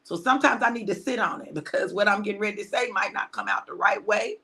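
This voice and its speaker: A woman pastor, preaching conversationally on a livestream, repeating phrases for emphasis and dropping to hushed tones. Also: medium pitch, quick pace, gravelly.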